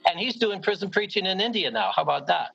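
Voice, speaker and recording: A man's voice: high voice, lively intonation, fast talker, vocal fry, sharp tone, muffled recording. A man telling stories with enthusiasm on a casual podcast, acting out the quotes of people he met. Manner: enthusiastic storyteller, acts out quotes. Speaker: prison ministry guest. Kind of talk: casual podcast chat and storytelling.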